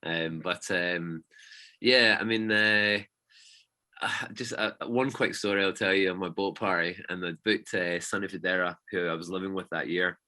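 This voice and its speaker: A man, a DJ guest telling stories in a casual, animated chat and swearing freely. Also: low voice, moderate pace.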